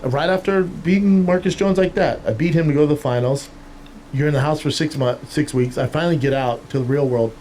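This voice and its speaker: A man's voice: fairly high pitch, a little fast, darkish tone, slight background noise. A man co-hosting a podcast, telling stories in casual chat and acting out what others said. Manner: storytelling, swearing, acts out quotes. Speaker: podcast co-host, former fighter.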